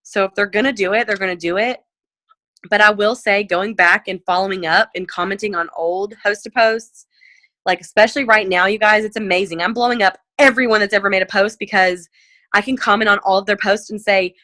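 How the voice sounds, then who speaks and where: Chatty sales lady on a video call, bright voice, dry close sound, lots of "like". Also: a little fast, no room sound. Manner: chatty, heavy use of "like" and "you know"; animated, jumps up in pitch when acting out messages. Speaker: direct sales team leader. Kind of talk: casual sales coaching talk. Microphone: video call mic.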